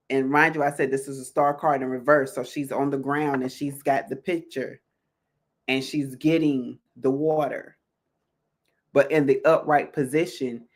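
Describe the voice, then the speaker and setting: A woman co-hosting a tarot chat, telling stories with acted-out bits of dialogue and frequent laughs. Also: very deep voice. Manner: animated storyteller, acts out little dialogues, laughs often. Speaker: tarot reader co-host. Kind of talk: casual spiritual chat.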